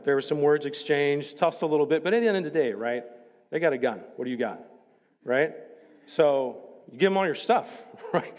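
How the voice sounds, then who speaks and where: A man preaching as a pastor, joking casually with the congregation before slowing down to read scripture solemnly. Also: fairly high pitch, big-room sound, muffled recording. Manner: chatty and joking, then slow solemn scripture reading. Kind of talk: sermon. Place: church sanctuary.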